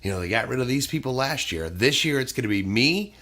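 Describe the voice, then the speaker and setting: A man's voice: medium pitch, brisk. A middle-aged man, a podcast guest, telling stories in casual chat and acting out the people in them. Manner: animated storyteller, acts out quoted voices, swears freely.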